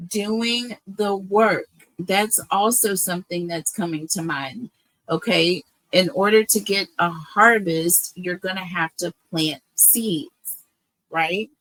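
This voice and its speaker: A woman's voice: lowish voice, slow pace, fairly bright tone, dry recording, rough recording. A woman with a lilt giving a tarot reading, emotional and repeating herself, checking in with okay and right. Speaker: tarot reader.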